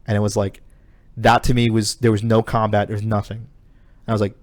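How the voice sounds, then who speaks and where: A man's voice: lowish voice, level tone, brisk, no room sound. A man co-hosting a podcast, casually retelling a video game story with lots of swearing and filler. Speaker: podcast co-host. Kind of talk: casual chat.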